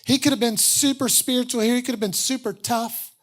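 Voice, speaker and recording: In a candid, conversational sermon, a pastor tosses in self-deprecating asides and slows down to earnestly stress key phrases. His voice is medium in pitch with fairly even intonation.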